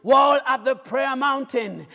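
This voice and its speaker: A man preaching a sermon, fervent, swinging between shouted lines and quiet ones. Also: very high-pitched, measured pace, vocal fry. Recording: long hall reverb.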